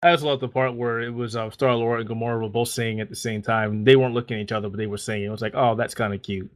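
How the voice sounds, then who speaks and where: A man's voice: mid-range voice, fairly even intonation, rapid-fire. A man co-hosting a podcast, chatting enthusiastically about a film and raising his own points. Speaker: podcast co-host. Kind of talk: casual movie chat.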